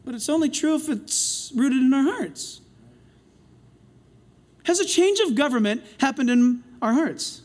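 A middle-aged man preaching a sermon as pastor, swinging between loud passionate lines and quiet asides. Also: very high voice, very animated, a little slow.

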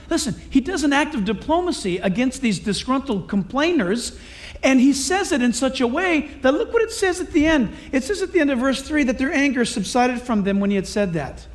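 A male pastor delivering a sermon in a notably high voice. He tells the story with animated energy and slips in playful voices for the people in the text. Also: a little fast. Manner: animated, acts out voices of Bible characters.

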